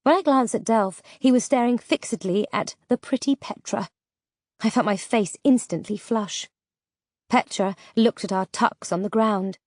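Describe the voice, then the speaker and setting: A woman reading a first-person audiobook in scripted narration, steady and even. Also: fairly high pitch, a little slow, no room sound, clean studio sound.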